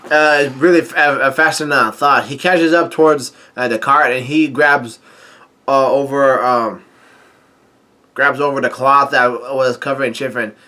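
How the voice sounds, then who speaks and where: A man's voice: mid-range voice, fairly even intonation, moderate pace, pushed and bright. A man casually reading through a manga chapter, hesitant and full of fillers and restarts. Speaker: manga reader and commentator.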